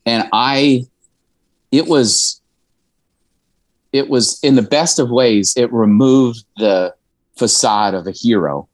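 A man speaks candidly as an interview guest, frank and emotional, with an occasional curse and a laugh. His voice sits at an ordinary middle pitch. The recording is dry and close, with no room sound. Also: takes it slowly, pauses often, dry recording. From Indiana, USA. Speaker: musician guest. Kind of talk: candid conversational storytelling.

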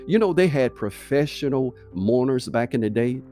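Man preaching over soft guitar. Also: mid-range voice, lively intonation, normal speed. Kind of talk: sermon.

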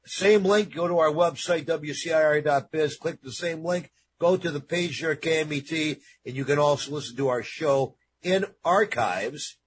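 A man's voice: fairly high pitch, normal speed, few pauses, a little hiss or hum. A man hosting a radio show in a studio, chatting casually and rambling with lots of fillers and repeats.

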